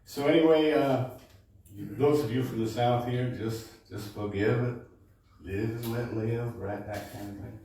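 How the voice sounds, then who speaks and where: A man, a baritone singer, casually introducing his show to a live supper club audience and often checking in with "okay?". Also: unhurried, warm tone, a little hiss or hum. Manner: chatty, keeps checking in with "okay?". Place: supper club performance room. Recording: echoey room, distant mic.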